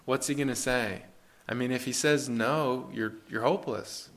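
A man preaches in an easygoing but earnest manner, asking his listeners questions and circling back to rephrase his points. His voice sits at an ordinary middle pitch for a man. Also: steady tone, normal speed, a bit bright. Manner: earnest, conversational, with restarts and rhetorical questions. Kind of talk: sermon.

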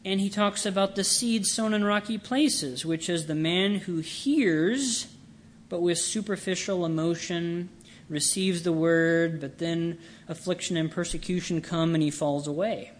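A man preaching a sermon, reading scripture and explaining it with slow, earnest emphasis. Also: high-pitched, slight background noise.

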